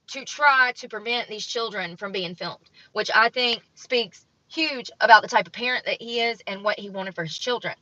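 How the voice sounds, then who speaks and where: A woman's voice: mid-range voice, bright, forceful tone, dry recording. A young woman vlogger reading from an article and adding blunt, judgmental commentary. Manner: blunt and judgmental, reads aloud then comments. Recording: dull lo-fi sound, dry room.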